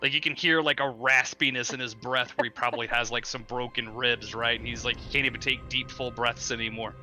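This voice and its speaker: A man's voice: mid-range voice, steady tone, fairly quick, music in the background. A man narrating as game master of a tabletop game in a casual, filler-heavy way.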